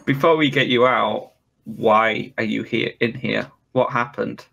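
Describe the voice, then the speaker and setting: A man's voice: on the low side, fairly even intonation, a little slow, vocal fry, pushed and bright, highs cut off. A man playing in a tabletop game, stammering a little and firing off questions. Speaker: player.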